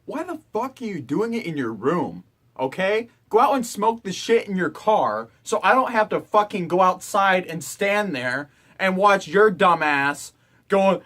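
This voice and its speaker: A young college guy vents to the camera from his dorm room, cursing constantly in an exasperated rant. His voice sits a bit high for a man and leaps all over the place, from low grumbles to sharp outbursts. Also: expressive, a little slow. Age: young adult. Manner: profane, exasperated ranting. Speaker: college student vlogger. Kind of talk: ranting vlog.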